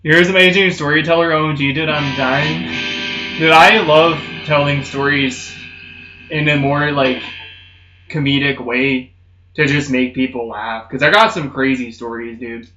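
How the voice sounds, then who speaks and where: A man's voice: fairly even intonation, measured pace, faint music behind. A young man streaming, telling rambling comedic stories in casual chat, swearing constantly and saying "dude" a lot. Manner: does loud high-pitched mocking voices in stories. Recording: roomy, slightly muffled stream audio.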